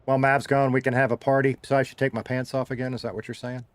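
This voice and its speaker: A man's voice: mid-range voice, little pitch movement, fast talker, no room sound. A middle-aged man with a Southern US accent, chatting casually with a live audience, joking and rambling through stories while his drawl slides heavier and lighter. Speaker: streamer reading chat.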